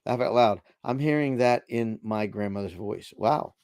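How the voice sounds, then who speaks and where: A man's voice: lowish voice, a little slow, darkish tone, clean tone, dry recording, clean studio sound. A middle-aged man hosting a casual late-night livestream, reading viewer chat aloud into a desk microphone in a chatty, laid-back way. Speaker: livestream host.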